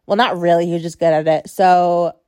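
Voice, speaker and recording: This twenty-something podcast host talks briskly in a lowish, darkish, smooth voice with fairly even intonation. She's casual and open, packing her frank personal story with fillers as she tells it to listeners. The recording is dry.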